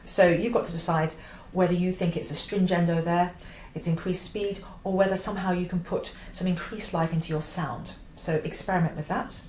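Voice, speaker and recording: A woman's voice: on the low side, fairly even intonation, fairly quick, few pauses, darkish tone, a little hiss or hum. Oboe teacher woman in a roomy space. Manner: clear, emphatic, occasionally sings phrases. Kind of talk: instructional explanation.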